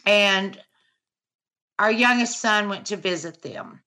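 A middle-aged woman speaks as a podcast guest, recounting a painful family story. Her voice is bright and clear. She talks haltingly and earnestly, with frequent filler words. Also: mid-range voice. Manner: halting, many "you know" fillers, earnest. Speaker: interview guest, mother. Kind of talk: personal account in podcast interview.

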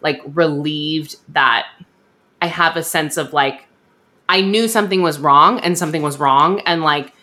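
A young woman hosting a podcast, telling a story in a chatty, animated way and acting out what others said. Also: low-pitched, measured pace. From USA. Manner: chatty, animated, acts out quoted voices. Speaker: podcast host. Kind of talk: casual storytelling chat.

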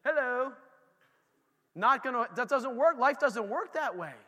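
High bright preacher in a hall. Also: male voice, measured pace. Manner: animated, talks straight to the congregation. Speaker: pastor. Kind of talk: casual conversational sermon.

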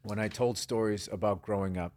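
A man's voice: fairly low pitch, fairly even intonation, brisk, a little mellow. Profane, rambling male storyteller. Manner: profane, rambling, acts out quoted voices. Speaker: guest comedian. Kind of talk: casual interview storytelling.

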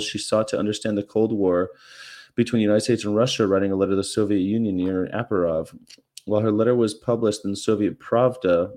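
A man's voice: lowish voice, darkish tone. A man vlogging in a casual, rambling way, sarcastic and prone to digressions.

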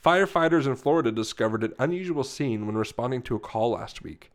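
Lively man reading odd news stories. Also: medium pitch, quick pace. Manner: laughs often while reading headlines aloud. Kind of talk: casual chat.

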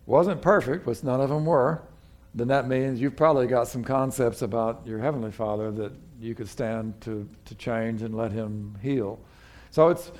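A man, preaching a sermon as pastor in a folksy, conversational way with frequent restarts. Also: medium pitch.

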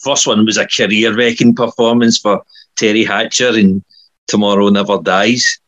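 A man co-hosting a casual podcast chat, agreeable and quick to laugh. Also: lowish voice, level tone, fairly bright tone, dry recording. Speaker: podcast co-host.

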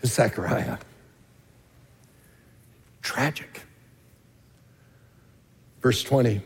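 A man preaching a sermon as lead pastor, earnest and emphatic, dropping to a hushed tone for key points. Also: mid-range voice, sing-song, drawn-out words. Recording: long reverb of a large hall.

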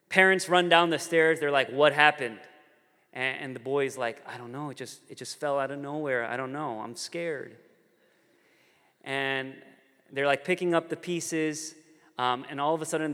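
A man preaching a sermon, telling stories in an animated way and acting out the characters. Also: a little high, smooth, in a large hall. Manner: storytelling, animated, voices characters. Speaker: pastor.

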